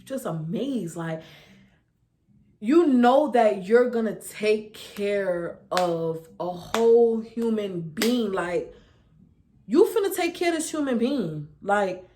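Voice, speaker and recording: A woman in her twenties from New York City with a New York accent, telling a story to camera in a casual, slangy, animated way and acting out the voices she quotes. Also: mid-range voice. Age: 20s. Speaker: vlogger.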